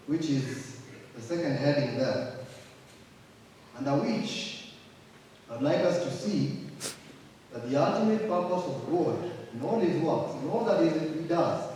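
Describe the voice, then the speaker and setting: Male preacher, measured and emphatic, slightly high voice, roomy far-off sound with faint ambience. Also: animated, warm tone, a little hiss or hum. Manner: slow, emphatic, repeats phrases for weight. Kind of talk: sermon. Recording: distant mic in an echoey hall.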